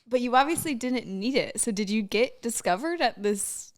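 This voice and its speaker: Woman, podcast host, higher-pitched, friendly, laughs easily. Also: animated, normal speed. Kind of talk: casual interview.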